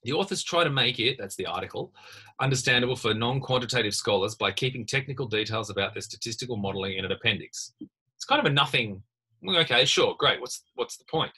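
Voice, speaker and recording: A man's voice: medium pitch, expressive, fast talker, bright, forceful tone, breathy edge. A man lecturing in a casual screen-recorded tutorial, thinking aloud with many fillers and restarts. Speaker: university lecturer.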